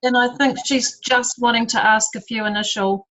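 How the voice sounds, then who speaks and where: A woman's voice: fairly high pitch, fairly even intonation, normal speed, sharp tone, low-quality recording. A woman on a group call, asking and answering in an eager, conversational way. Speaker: team member on a call. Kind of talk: casual chat on a group call.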